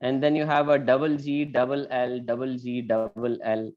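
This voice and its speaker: A man's voice: mid-range voice, flat delivery, moderate pace, darkish tone. A man teaching an online class, asking questions and explaining step by step. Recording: muffled lo-fi call audio.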